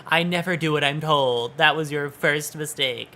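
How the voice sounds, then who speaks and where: Soft-spoken playful woman streamer. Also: low voice, slight background noise. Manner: soft-spoken, quiet, never raises voice; playful, halting restarts. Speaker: VTuber streamer. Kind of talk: casual livestream chat. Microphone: desk microphone.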